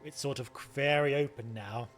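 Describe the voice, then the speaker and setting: A man's voice: medium pitch, steady tone, normal speed, faint music behind. A man hosting a let's play, thinking aloud in casual commentary and stumbling over repeated words.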